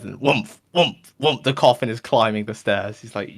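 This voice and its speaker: A man's voice: medium pitch, fairly quick, vocal fry, few pauses. A man telling a long, rambling shaggy-dog joke on a podcast. He tags lines with "right?" and puts in whooshing sound effects.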